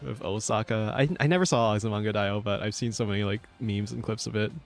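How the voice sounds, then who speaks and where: A man's voice: fairly low pitch, fairly even intonation, fast, vocal fry, soft background music. A male VTuber chatting casually while streaming a game, rambling with lots of fillers and easy laughs. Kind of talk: casual gaming stream chat.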